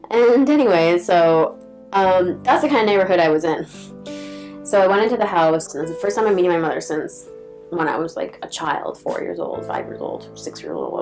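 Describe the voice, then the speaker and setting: Low-voiced young woman telling her story. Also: poor audio. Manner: rambling, heavy on "like" fillers, blunt with swearing. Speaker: vlogger. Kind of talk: casual personal storytelling.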